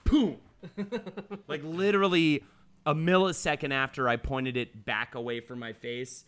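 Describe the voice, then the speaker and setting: A man's voice: medium pitch, fairly even intonation, a little slow, a bit bright, clear, resonant tone. A man hosting a live-streamed podcast, reading chat comments aloud and telling stories casually, with swearing. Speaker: podcast host.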